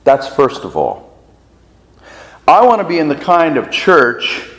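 Slow, animated male pastor in echoey church. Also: medium pitch. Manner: deliberate, uses rhetorical questions and repetition. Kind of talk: sermon. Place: church sanctuary. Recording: reverberant church hall.

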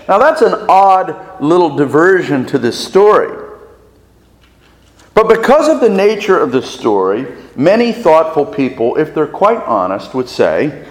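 A man preaching a sermon as pastor, deliberate and fond of rhetorical questions and repetition, in a reverberant church sanctuary. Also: a little high, big pitch swings.

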